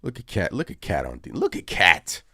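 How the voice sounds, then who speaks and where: Excitable ranting sports show host man. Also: deep voice, normal speed, husky, no echo, studio quality. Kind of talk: live postgame reaction show.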